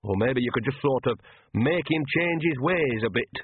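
A man's voice: medium pitch, lively intonation, moderate pace, husky, dry recording. A man voicing a shameless, earthy old witch who talks bluntly. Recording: tinny phone-like dry sound.

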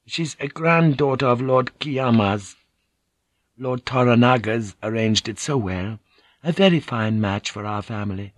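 A man's voice: medium pitch, a little slow, no room sound, close to an everyday voice. A man voicing a refined, dutiful noblewoman and proud mother in an audiobook, speaking with slight shyness. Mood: fond. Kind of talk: audiobook character voice.

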